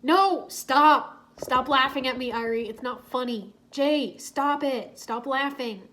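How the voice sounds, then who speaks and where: A woman's voice: on the high side, normal speed, close to an everyday voice. A woman voicing a serious, responsible young male ninja who speaks earnestly and gets exasperated.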